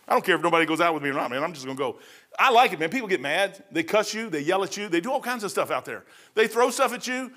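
A man's voice: high-pitched, expressive, fast talker, bright, forceful tone. A middle-aged man from Kentucky giving a folksy, conversational sermon, often saying "man". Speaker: preacher. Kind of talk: informal sermon.

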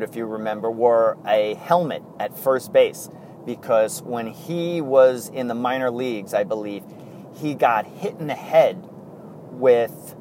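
On his solo podcast, a male host rambles through stories in a medium-pitched voice, chuckling and correcting himself as he goes. There's a faint hiss or hum on the recording.

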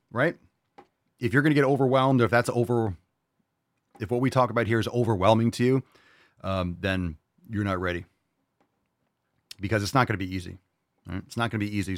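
A man's voice: mid-range voice, dry recording, clean studio sound. A man hosting a show and answering listener questions, giving a blunt, profane motivational rant. He mocks people in whiny put-on voices.

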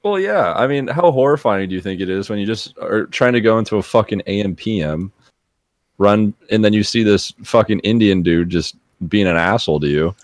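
A young man hosting a casual podcast, teasing his friend, laughing loudly and swearing. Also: fairly low pitch, animated, a little fast, no room sound, clean studio sound. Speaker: podcast host. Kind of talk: casual chat.

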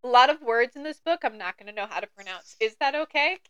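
Bright, clear-voiced young woman chatting. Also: a little high, expressive, quick pace, dry recording. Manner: chatty, joking, laughs often. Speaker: podcast co-host. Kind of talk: casual chat about books.

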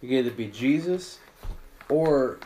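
A man co-hosting a podcast, talking loosely and swearing freely as he rambles through his points. His voice sits at a middle pitch and carries a roomy echo, with a faint hiss of noise underneath. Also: lively intonation, a little slow, dark tone. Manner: loose and profane, rambling with many fillers. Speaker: podcast co-host. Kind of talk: casual chat.

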